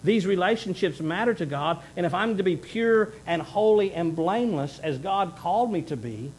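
Earnest preacher man, fairly high voice. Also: lively intonation, normal speed, slight background noise, rough recording. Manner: earnest preaching, swings between loud emphasis and hushed pleading. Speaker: pastor. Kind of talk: sermon.

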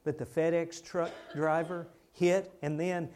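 A man's voice: fairly high pitch, level tone, unhurried, a little mellow, slight background noise. A man preaching a sermon in a conversational way, firing rhetorical questions at the congregation.

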